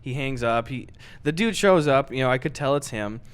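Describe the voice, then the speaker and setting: A man's voice: medium pitch, normal speed, smooth. A young man co-hosting a podcast, telling a story in casual chat and acting out the people in it. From United States. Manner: animated, acts out the people in his story. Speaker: podcast co-host.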